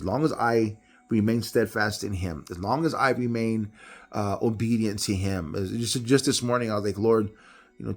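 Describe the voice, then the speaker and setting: A middle-aged man giving a casual Bible devotional talk, telling personal stories with animated, rising delivery. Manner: animated storytelling, jumps high when acting out others. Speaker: preacher.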